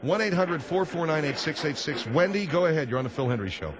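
Deadpan male talk radio host. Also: on the high side, fast talker, crowd noise.

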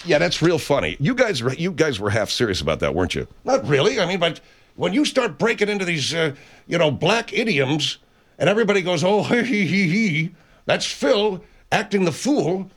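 A man's voice: on the high side, sing-song, fairly quick, fairly bright tone. A man hosting a comedic talk radio show, indignant and exasperated as he argues with his staff.

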